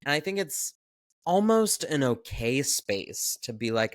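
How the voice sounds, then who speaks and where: Slow, thoughtful podcast co-host man. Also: medium pitch, sing-song, no echo, clean studio sound. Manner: thoughtful, hesitant, restarts often. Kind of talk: casual chat recapping a film.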